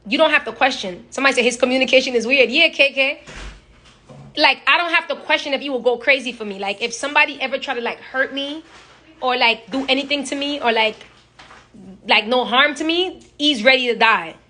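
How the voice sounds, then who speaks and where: A woman's voice: sits high, fairly quick, bright, forceful tone. A young woman chatting casually and animatedly on a phone live stream, telling profane stories and imitating other people. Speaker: social media personality.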